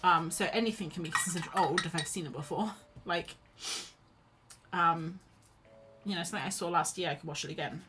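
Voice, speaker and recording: Woman art streamer, chatty and bright, faint background music. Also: on the low side, brisk, low-quality recording. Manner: chatty, rambling, self-deprecating. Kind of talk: casual chat while painting.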